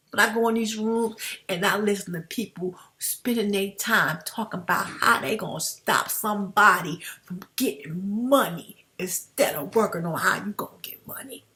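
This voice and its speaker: A woman's voice: lowish voice, bright, forceful tone. A woman, talking straight to her viewers as "family" in an impassioned commentary vlog. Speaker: YouTube commentator. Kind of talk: direct-to-camera commentary vlog.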